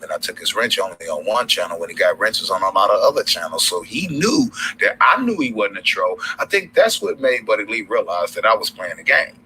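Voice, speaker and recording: Southern male streamer, very low pitch, rambling slangy delivery, light background hiss. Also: pushed and bright, rough recording. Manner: loose, rambling, slangy, many fillers. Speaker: livestream host. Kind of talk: casual livestream sign-off.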